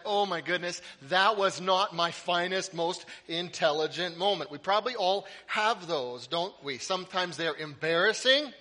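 A middle-aged pastor preaches in a church sanctuary, his high, bright voice forceful as he tells stories with energy and throws in playful asides. A long reverb trails his voice through the church hall.

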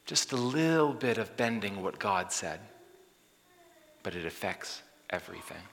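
Bright-voiced male preacher in reverberant hall. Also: on the low side, expressive, unhurried, creaky. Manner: dynamic, swings from loud exclamations to hushed whispers. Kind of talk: sermon.

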